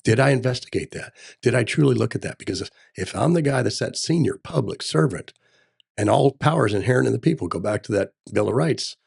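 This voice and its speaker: A man's voice: mid-range voice, expressive, fast, vocal fry, a little mellow, husky. A middle-aged man running for governor, talking in a casual interview with emphatic, military-style phrasing and frequent "right?" tags. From Texas. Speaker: gubernatorial candidate.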